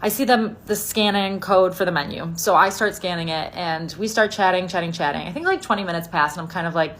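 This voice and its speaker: A woman's voice: on the low side, brisk, a bit bright, a little hiss or hum. A woman telling a dating story in a casual, wry storytime style, full of "like" and quoted asides. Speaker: TikTok storyteller.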